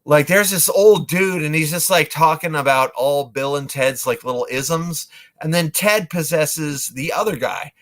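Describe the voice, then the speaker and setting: A man's voice: fairly high pitch, unhurried, fairly bright tone. A man retelling a movie plot casually, rambling with lots of fillers and acting out lines. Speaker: movie reviewer.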